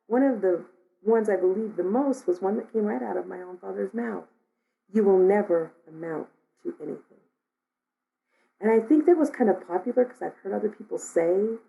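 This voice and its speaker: A woman's voice: mid-range voice, vocal fry, dark tone, poor audio. A woman minister giving a conversational sermon, telling stories and reading a daily word. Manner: storytelling, conversational.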